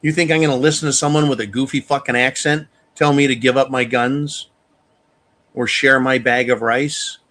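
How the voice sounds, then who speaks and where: A man's voice: mid-range voice, steady tone, moderate pace, fairly bright tone. A man hosting a show, delivering an angry, profane monologue rant. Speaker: show host. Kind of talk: opinion monologue.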